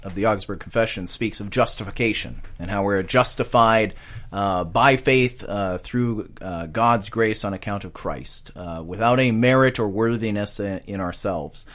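A pastor with a low voice explains doctrine as a talk show guest. He speaks earnestly and stumbles over his words. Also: normal speed, a bit bright. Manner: earnest, hesitant with many uh fillers and restarts.

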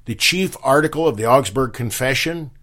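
A man hosting a talk show, questioning a pastor and expounding on scripture with frequent pauses. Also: medium pitch, lively intonation, a bit bright. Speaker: host.

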